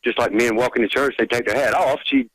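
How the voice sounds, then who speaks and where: A man's voice: medium pitch, steady tone, quick pace, fairly bright tone, no echo, low-quality recording. A man from Georgia calling in to a radio show, talking casually and hesitantly with many fillers. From Georgia, United States. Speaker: caller. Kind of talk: casual phone-in chat.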